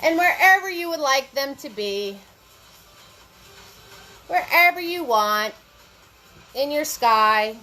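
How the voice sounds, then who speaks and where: A woman's voice: high voice, animated, slow, pauses often, sharp tone, faint music behind, low-quality recording. A woman leading a live painting class, chatty and encouraging, greeting viewers as she goes. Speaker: paint party instructor. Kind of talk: live online painting lesson.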